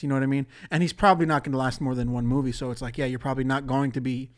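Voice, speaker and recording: A man's voice: mid-range voice, fairly even intonation, very fast. A man hosting a solo podcast in a casual, rambling way, swearing and laughing often. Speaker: podcast host.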